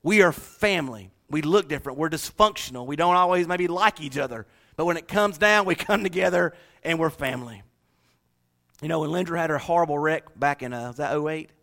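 A man's voice: fairly high pitch, a little fast, gravelly, a bit bright. A man from North Carolina with a Southern accent, preaching a folksy sermon to his congregation in church. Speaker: pastor.

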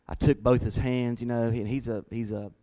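A man's voice: medium pitch, little pitch movement, mellow. Folksy preacher man telling a story. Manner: folksy, slows down for emphasis. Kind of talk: sermon storytelling.

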